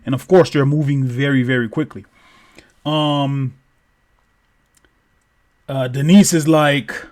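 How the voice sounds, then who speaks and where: A man's voice: mid-range voice, fairly even intonation, slow, pauses often, a little mellow. A man telling a story casually, rambling with lots of "like" and swearing freely.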